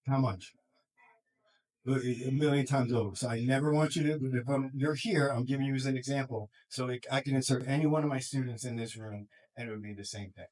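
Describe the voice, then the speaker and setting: Middle-aged male counselor, mid-pitched, casual and animated with a group. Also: rough recording. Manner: animated, acts out parents and kids in quick quoted voices, laughs often. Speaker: school counselor and life coach. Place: room with students and parents.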